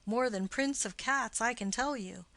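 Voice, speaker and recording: Audiobook: woman voicing a sharp-tongued young nobleman, teasing and playful, dry close sound. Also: on the high side, a little slow, dry recording. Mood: mocking. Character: witty, mocking young male nobleman.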